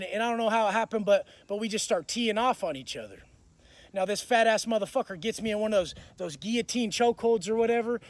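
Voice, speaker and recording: A man's voice: sits high, no room sound. A man telling prison stories in a blunt, profane, tough-talking monologue. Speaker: motivational speaker.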